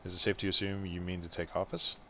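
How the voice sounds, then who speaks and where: A man voicing a courteous fantasy adventurer, reading old-fashioned, courtly game dialogue aloud in a calm, steady way. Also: low-pitched, fast talker, exaggerated voice. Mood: polite.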